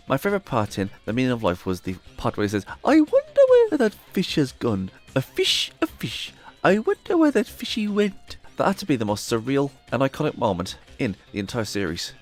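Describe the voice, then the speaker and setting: A young man hosting a casual video review of comedy shows, chatty and enthusiastic. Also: fairly low pitch. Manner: chatty and enthusiastic, often retelling jokes with put-on voices.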